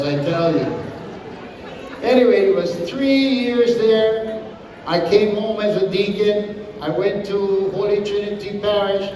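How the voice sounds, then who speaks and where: An older man from Hawaii with a Hawaiian accent, a comedian chatting and telling stories to a live audience. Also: high-pitched. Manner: animated, chatty storyteller. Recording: echoey hall from far off.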